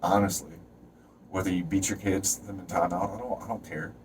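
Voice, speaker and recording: Low-voiced guy preaching and cussing, mic kinda far off. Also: fairly even intonation, fairly quick, slight background noise. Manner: preachy, swearing, jumps between topics; shouts and stretches words when fired up. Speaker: vlogger. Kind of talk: motivational rant to camera.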